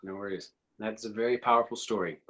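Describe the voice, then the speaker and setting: A man hosting a podcast, speaking with a fairly low voice. He responds calmly and measuredly to his guest. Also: fast. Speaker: podcast host. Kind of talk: interview conversation.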